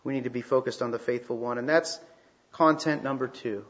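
Male preacher, mid-pitched, emphatic, rhetorical, slightly lo-fi recording. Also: steady tone, fairly quick, a bit bright. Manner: emphatic, with rhetorical questions and repeated phrases. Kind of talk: sermon. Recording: slightly dull, lo-fi sound.

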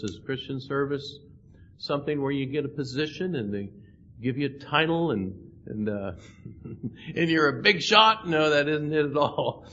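A man's voice: medium pitch, husky. A man preaching a sermon, earnest, quoting scripture and building emphasis on key words. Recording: dull lo-fi sound with faint noise.

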